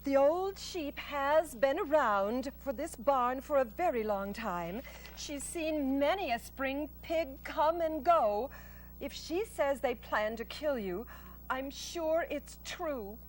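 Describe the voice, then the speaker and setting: A woman doing Charlotte, a calm wise spider. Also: high-pitched, a little hiss or hum, pitched above the performer's own voice. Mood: calm, firm. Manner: measured, cheerfully practical. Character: calm, wise female spider, matter-of-fact. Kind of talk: storybook read-aloud.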